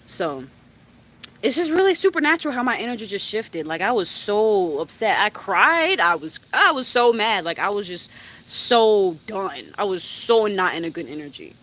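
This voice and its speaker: Emotional young woman venting on a live stream. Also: medium pitch. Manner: heartfelt and animated, swearing and laughing. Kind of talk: emotional casual chat.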